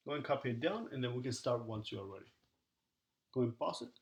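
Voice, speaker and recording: A man explaining a math lesson in a recorded video, with a gravelly edge and a pitch in the middle range. He talks to his students as he works through each step and counts the numbers aloud. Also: expressive, quick pace. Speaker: math teacher.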